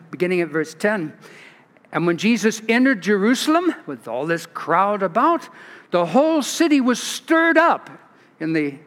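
High-voiced pastor preaching in a reverberant church. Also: male voice. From California. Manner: expressive storytelling, with restarts and asides. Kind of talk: sermon. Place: large church.

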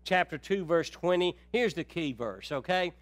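A man preaching a sermon, calling his listeners brethren, shifting from quiet, low stretches to loud, high, urgent passages. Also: expressive, moderate pace, no room sound. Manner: swings from soft and low to loud and high when stirred.

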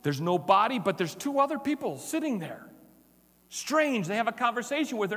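A male pastor preaches with a high, bright voice that leaps all over its range. He slows for dramatic pauses and acts out the people in the story. His voice rings out through a reverberant church hall. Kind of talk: expository Easter sermon.

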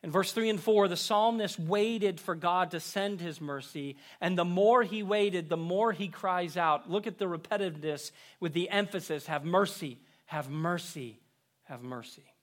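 High-voiced male preacher, emphatic swells. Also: normal speed, few pauses. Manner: preaching with swells of emphasis, dropping low at phrase ends. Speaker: pastor. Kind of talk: sermon.

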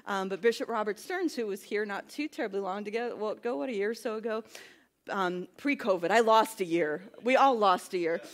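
A woman's voice: mid-range voice, fairly quick. A woman in her thirties, a worship pastor, giving a sermon in a chatty, self-deprecating way that builds into emphatic preaching. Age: 30s.

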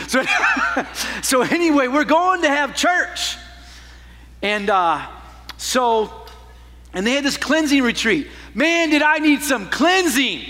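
A man preaching a sermon as a pastor, telling a personal story with animated swings from loud to hushed. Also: extremely high pitch, in a large hall.

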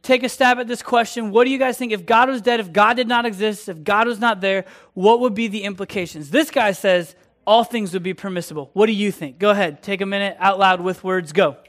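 A man's voice: high-pitched, fairly quick, fairly bright tone. A man leading a youth group session, upbeat and playful, talking straight to the room.

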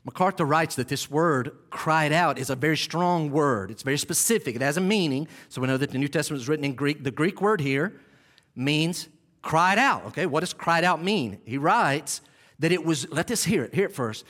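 A male pastor preaching a sermon in an animated, dramatic storytelling manner. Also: a little high, normal speed.

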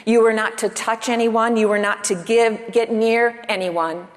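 A woman's voice: a little high, fairly even intonation, a little slow, in a large hall. A woman pastor preaching a sermon with earnest emphasis, asking the congregation rhetorical questions. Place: church.

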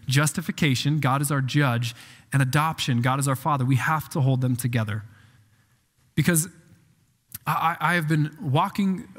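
A man in his thirties preaching a sermon in a church, conversational and animated, with asides to the congregation. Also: medium pitch, long reverb tail. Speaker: pastor.

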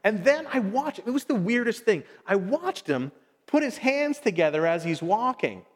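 A middle-aged man preaching a sermon, telling stories in an animated way and acting out his son's voice. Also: sits high, normal speed. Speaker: pastor. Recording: long hall reverb.

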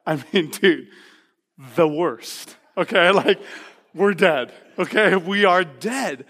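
A male pastor preaching a sermon, telling a personal story in an animated, laughing, casual way before moving into scripture. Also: sits high, slow. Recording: long reverb of a large hall.

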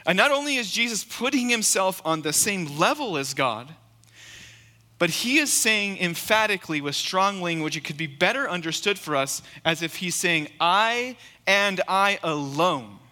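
A man's voice: high voice, expressive, moderate pace, pushed and bright, in a large hall. A man preaching a sermon, reading scripture and then explaining it in an earnest, emphatic way, repeating key phrases. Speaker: guest preacher.

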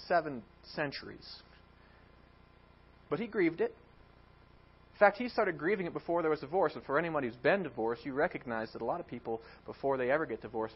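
A man preaching a sermon as pastor, animated, acting out quotes. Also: a little high, husky, highs cut off.

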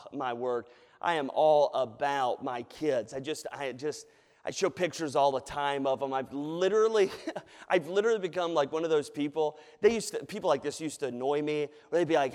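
A high-pitched man in his thirties delivers a sermon from a church pulpit, driving his points home with emphatic repetition and dropping into casual, laughing asides. His voice rings out with the long reverb of a large church sanctuary. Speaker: preacher.

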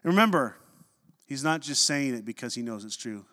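A pastor preaches a sermon, telling stories with animated delivery and dropping low and slow whenever he quotes scripture. The recording carries the long reverb of a hall.

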